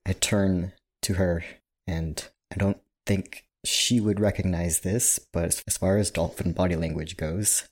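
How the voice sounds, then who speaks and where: A man's voice: low-pitched, steady tone, unhurried. A man playing a tabletop game, describing his character's actions with hesitant self-corrections. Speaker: player.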